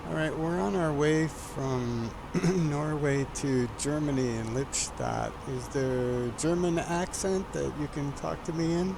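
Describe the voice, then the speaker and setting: A man's voice: fairly high pitch, unhurried, gravelly, few pauses, background noise. A man streaming a flight simulator, chatting casually and teasingly with a voice assistant.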